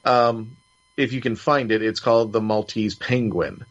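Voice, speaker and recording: A man's voice: fairly low pitch, steady tone, normal speed. A man hosting a casual review show, rambling with many restarts and fillers. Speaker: podcast host. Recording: slightly dull lo-fi audio.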